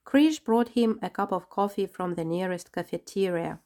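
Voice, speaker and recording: A woman's voice: fairly low pitch, normal speed, warm tone. Woman, storybook narrator, children's tale, read aloud with light character voices. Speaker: storybook reader.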